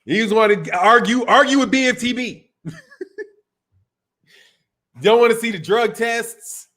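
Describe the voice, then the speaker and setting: A man's voice: very high-pitched, unhurried, pushed and bright. A man hosting a boxing livestream, talking loosely and profanely, laughing often and reading out super chats. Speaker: boxing channel host. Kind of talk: casual livestream talk.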